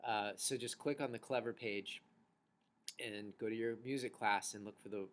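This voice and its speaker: A man's voice: lowish voice, fairly even intonation, moderate pace, a bit bright. A man teaching an online recorder lesson to fourth and fifth graders, patient and encouraging, who chants rhythm syllables and note names for the class to repeat. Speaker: music teacher.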